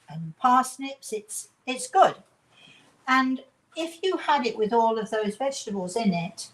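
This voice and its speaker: A woman from England hosts a casual home cooking demonstration in her kitchen, speaking with an English accent in a fairly bright, higher-pitched voice. She rambles and drops self-deprecating asides, and the audio quality is poor.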